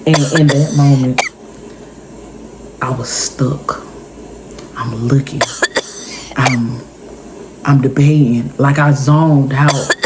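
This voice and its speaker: A woman's voice: very deep voice, fairly even intonation, takes it slowly, long pauses, background noise. A woman in her thirties, telling an intense personal story for her vlog in an emotional, repetitive way. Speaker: vlogger. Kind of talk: story time monologue.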